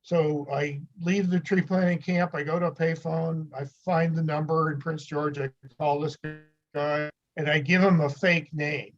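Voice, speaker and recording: A man's voice: a little high, fairly even intonation, unhurried, highs cut off, soft background music. An older man from the United States, a podcast guest, telling rambling anecdotes with chuckles in a casual interview.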